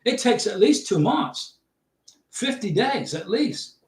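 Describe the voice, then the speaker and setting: Speaking slowly in a high, very animated voice, a middle-aged livestream host reads out viewer questions and gives laid-back visa advice. He's talkative and comforting, with frequent repeats and restarts, and the room echoes.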